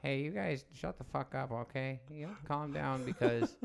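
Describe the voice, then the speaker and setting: A man's voice: medium pitch, normal speed, close to an everyday voice. A man doing a pushy, rambling older director. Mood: angry. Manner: rambling, repetitive, bossy. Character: impression of a film director, male, older, pushy. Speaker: comedian.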